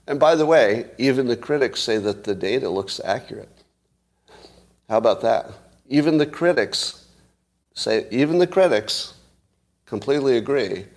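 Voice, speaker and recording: A man hosting a solo commentary stream, sarcastic, pausing often and putting rhetorical questions to his audience. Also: fairly low pitch, darkish tone. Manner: halting, many pauses and filler sounds. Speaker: show host.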